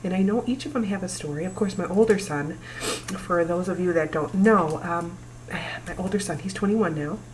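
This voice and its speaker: A woman in her forties talking to camera about her family's past, emotional and halting, pausing often. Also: lowish voice, darkish tone, a little hiss or hum, low-quality recording. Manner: emotional, halting, breaks down at times. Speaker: vlogger. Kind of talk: personal talk to camera.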